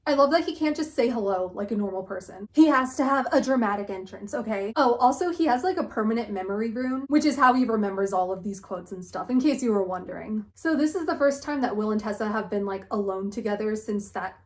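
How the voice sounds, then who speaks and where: A woman's voice: medium pitch, fast talker, hardly any pauses. A young woman giving a casual, joking book recap on her vlog, quoting characters as she goes. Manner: animated, jokey, quotes characters with "she's like". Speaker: book vlogger.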